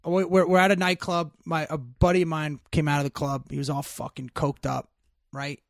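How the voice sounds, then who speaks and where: A man's voice: fairly high pitch, level tone, normal speed, gravelly, dry recording, clean studio sound. A man telling stories in casual chat, emphatic and full of profanity.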